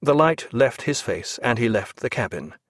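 A man reading a historical naval novel aloud as audiobook narrator, measured and expressive. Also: mid-range voice, no echo, studio quality.

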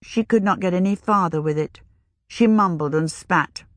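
A woman reading a novel aloud in a calm, measured storytelling manner. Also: fairly low pitch, dry recording. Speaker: narrator. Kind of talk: audiobook narration.

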